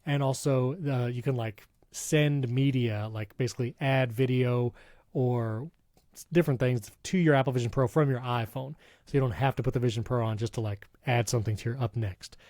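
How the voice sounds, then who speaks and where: A man co-hosting a tech podcast in casual chat, upbeat and chatty, quick to laugh. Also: mid-range voice, fairly even intonation, darkish tone, no echo, studio quality. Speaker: podcast co-host.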